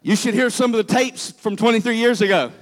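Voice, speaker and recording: A middle-aged pastor with a southern West Virginia accent tells folksy stories from the pulpit, tossing playful asides to his congregation. His voice sits high for a man, and it rings out through a big church hall with a long, echoing tail. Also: fairly quick. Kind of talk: humorous sermon.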